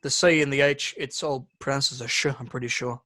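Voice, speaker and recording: A man's voice: mid-range voice, steady tone, a little fast, bright, forceful tone. A man co-hosting a casual podcast, telling stories animatedly and swearing freely. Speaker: podcast co-host. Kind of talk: casual chat.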